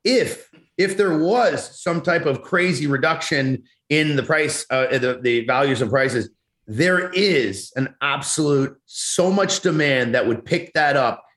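A man's voice: on the high side, expressive, unhurried, fairly bright tone. A man, a guest on a radio talk show, confidently forecasting the housing market with frequent restarts. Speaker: mortgage and investment guest. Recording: roomy echoey sound.

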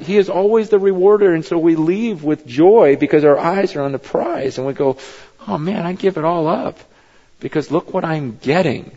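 A male pastor preaching a sermon in a church, talking casually with his congregation and climbing to high, emphatic peaks. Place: church sanctuary. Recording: dull sound with long hall reverb.

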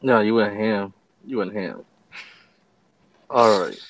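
A man's voice: fairly low pitch, slow, rough recording. A man co-hosting a casual podcast, talking in a laid-back, slangy way and often stammering and restarting his sentences. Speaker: podcast co-host.

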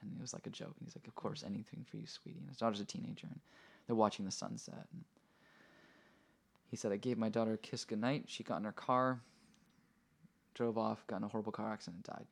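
A man's voice: on the low side, fairly even intonation, fast, vocal fry, long pauses. A man hosting a podcast, telling a personal story in an earnest, reflective way. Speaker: podcast host. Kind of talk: conversational storytelling.

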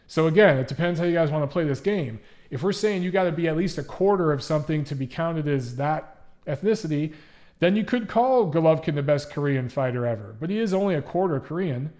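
A man's voice: a little high, animated, a little fast, a little mellow. A man hosting a casual livestream, talking emphatically and reading out viewer comments. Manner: emphatic, conversational, frequent restarts. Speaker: livestream host and boxing writer.

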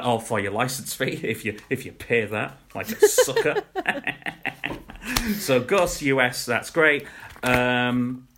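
A man's voice: mid-range voice, pushed and bright. A young man co-hosting a podcast, chatting casually and rambling about shows, laughing at his own jokes. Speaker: podcast co-host. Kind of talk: casual chat reviewing shows.

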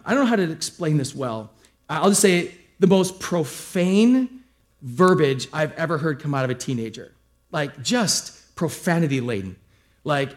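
A middle-aged man preaching a sermon as pastor, telling stories in a conversational way with humorous asides. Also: on the high side. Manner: conversational storytelling with asides and self-deprecating humor.

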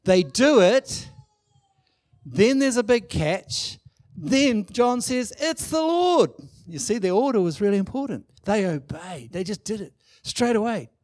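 A man preaching a sermon, emphatic and animated, acting out quoted lines. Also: high-pitched, a little slow, no room sound, clean studio sound. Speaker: pastor.

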